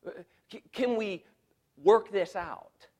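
A man's voice: high voice, slow pace, dark tone, pitched above the performer's own voice. A man voicing a flustered male governor, stammering and pleading with a mob.

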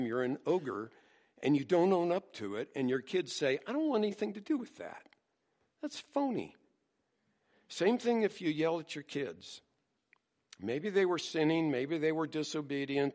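A pastor preaching a sermon in an earnest, emphatic way, slowing down dramatically on scripture. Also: male voice, medium pitch, darkish tone.

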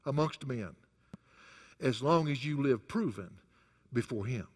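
A man's voice: medium pitch, expressive, measured pace, pauses often, big-room sound. A male pastor preaching a sermon who swings his voice up and down hard for emphasis. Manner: rises and falls sharply for emphasis, chuckles between points.

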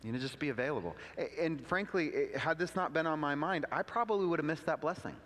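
A man preaching a sermon as pastor, telling a story conversationally with asides and rising pitch for emphasis. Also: fast, fairly bright tone. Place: church sanctuary. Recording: long hall reverb.

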